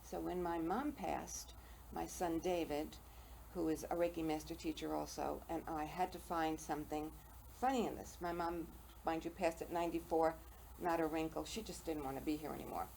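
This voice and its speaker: An older woman with a very low voice hosts a casual interview and spins funny personal anecdotes. There is a faint hiss behind her. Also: steady tone, moderate pace, vocal fry, a little mellow, poor audio. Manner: storytelling, self-deprecating humor. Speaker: talk show host. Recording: faint noise, local TV studio.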